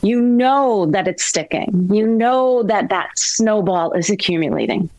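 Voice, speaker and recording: A woman being interviewed as a grammar expert, telling lively classroom stories. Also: medium pitch, measured pace, crowd noise, low-quality recording. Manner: storytelling, animated quotes. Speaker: guest, grammar expert and author. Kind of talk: interview conversation.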